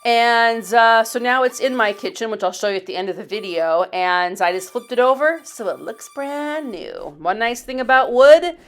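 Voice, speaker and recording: A woman's voice: on the high side, animated, normal speed, few pauses. A woman in her fifties hosting a DIY channel, telling stories in a rambling, chatty voice-over full of asides. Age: 50s. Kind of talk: casual storytelling voice-over.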